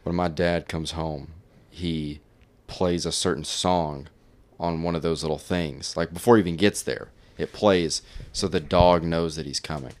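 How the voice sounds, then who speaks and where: A man's voice: a bass voice, fairly even intonation, a little slow, no room sound. A young man hosting a podcast, telling stories in loose casual chat and laughing often. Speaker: podcast host.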